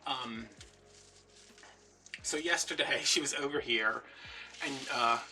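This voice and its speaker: A young man who hosts a craft video and tells a rambling story in casual chat, putting on higher voices for the people he quotes. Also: slow, bright, forceful tone, recorded from a distance.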